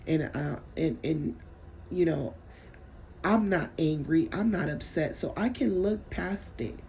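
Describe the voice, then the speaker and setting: A woman's voice: sits low, slow, warm tone, slight background noise. A woman telling a story in a casual, blunt way, swearing freely and repeating herself as she vents. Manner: rambling, repeats words while telling a story. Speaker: vlogger.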